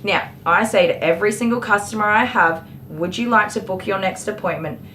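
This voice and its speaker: A woman's voice: mid-range voice, brisk, a bit bright. A dog groomer hosting a casual livestream, a woman telling stories about a customer in a chatty, exasperated way. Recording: echoey room with faint clipper noise.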